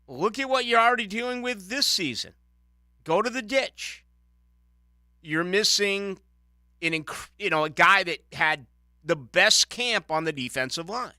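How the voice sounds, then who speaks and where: Bright-toned sports radio host man. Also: high voice, no echo, clean studio sound. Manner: opinionated, animated, halting restarts. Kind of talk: sports talk radio commentary.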